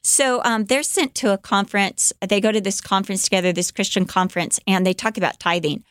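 A woman co-hosting a podcast, telling a life story in an animated way, with many fillers, and acting out the quotes. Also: mid-range voice, brisk, dry recording, studio quality. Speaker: podcast co-host telling a biography. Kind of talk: casual storytelling chat.

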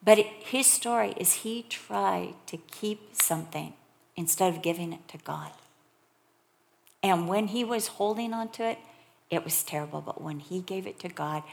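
A middle-aged woman preacher delivering a sermon, telling stories animatedly and swinging between loud emphasis and hushed whispers. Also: lowish voice, gravelly.

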